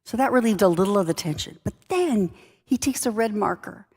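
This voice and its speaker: A woman's voice: medium pitch, lively intonation, brisk, darkish tone, breathy edge. A woman leadership speaker telling a workplace story in a wry, conversational way. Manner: conversational, wry anecdotal delivery. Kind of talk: storytelling talk. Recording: long reverb of a large hall.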